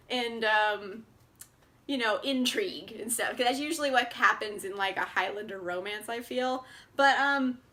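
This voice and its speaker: Her voice is a little high, bright, and forceful as this young woman chats casually through her book haul. She's a bubbly, talkative vlogger who uses lots of fillers and laughs, recorded on a camera mic indoors.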